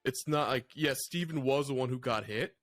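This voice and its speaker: A man in casual podcast chat, thinking out loud and restarting sentences as he analyzes. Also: medium pitch, normal speed, no echo. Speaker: podcast co-host.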